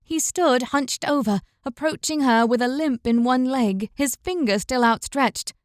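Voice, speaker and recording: A high-voiced woman narrates a fantasy audiobook from a script, keeping her storytelling measured and even. The recording is close and dry, without any room sound.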